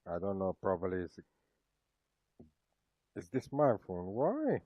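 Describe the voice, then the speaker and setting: A man casually demonstrating a gadget, talking haltingly, repeating words as he tries things out live. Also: sits low, dry recording. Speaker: product reviewer. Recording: dull lo-fi sound.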